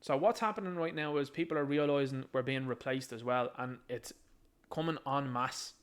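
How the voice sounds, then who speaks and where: A man's voice: medium pitch, steady tone, normal speed, clean tone. Emphatic Irish man ranting. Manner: emphatic, combative, repeats key phrases. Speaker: political commentator. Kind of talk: ranting political commentary.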